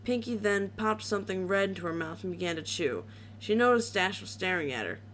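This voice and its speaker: A woman's voice: medium pitch, lively intonation, fairly quick, fairly bright tone, a little hiss or hum. A woman reading a horror story aloud in a casual way, with small slips and restarts.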